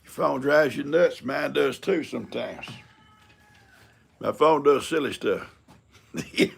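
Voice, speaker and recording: An older man with a drawl hosts a laid-back live stream, rambling in a folksy, chuckling way. His voice is heavily gravelly and husky, sitting at an ordinary pitch for a man. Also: slow. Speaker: livestream host. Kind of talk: casual live-stream chat.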